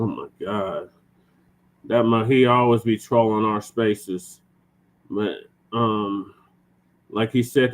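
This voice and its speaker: A man with a lowish voice comments on the news in a blunt, exasperated way. He speaks casually on a talk show. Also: low-quality recording. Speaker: co-host.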